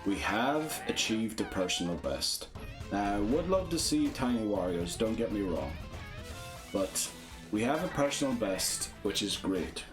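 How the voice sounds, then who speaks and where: A man's voice: fairly low pitch, big pitch swings, a little slow. A man giving casual, self-deprecating commentary to viewers while playing a motion-control game live. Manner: chatty, self-deprecating, thinking aloud to viewers. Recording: game music playing behind the voice. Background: game music.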